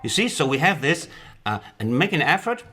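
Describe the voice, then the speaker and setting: A man teaching a piano lesson in a playful way, counting rhythms out loud and joking. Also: a little high, big pitch swings, brisk. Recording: loud piano playing under the voice.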